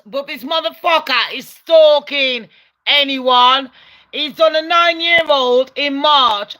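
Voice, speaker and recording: A woman commentating on a true-crime video, excitable, loud and swearing a lot. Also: high voice. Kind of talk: live commentary over video.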